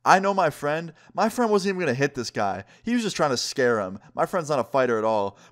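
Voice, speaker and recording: A man telling a story to his viewers in a casual, animated way, swearing freely. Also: on the high side, a little fast. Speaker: vlogger.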